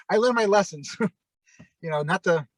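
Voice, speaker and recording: A man's voice: high-pitched, a little slow, no room sound, low-quality recording. A middle-aged man, a former pro wrestler, telling rambling stories on a video call and acting out the voices of the people he quotes. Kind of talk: casual anecdotal storytelling.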